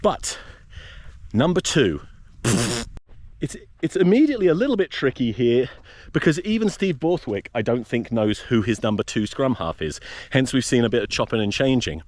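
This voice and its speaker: A man's voice: medium pitch, lively intonation, normal speed, a little mellow, dry recording. A man hosting a rugby podcast, ranting in a profane, rambling, jokey way while hiking outdoors in a desert wilderness. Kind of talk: casual rant while hiking.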